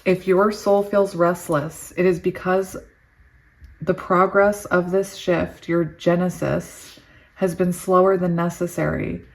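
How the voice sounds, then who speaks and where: Tarot reader, female, slightly low voice; slow soothing card reading, excitable laughing asides. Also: gravelly. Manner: giddy and excitable, laughs often. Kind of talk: reading oracle cards aloud with chatty asides.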